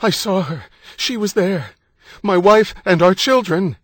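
A man voicing a desperate young husband who shouts for his wife, in an audiobook. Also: sits high, a little slow, no echo, clean studio sound, pitched above the performer's own voice. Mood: frantic.

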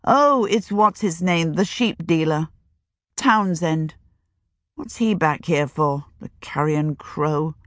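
A woman's voice: sits low, takes it slowly, fairly bright tone, no echo. A woman reading the part of a fierce, proud middle-aged farm woman who speaks sharply and demandingly. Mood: fierce, earnest.

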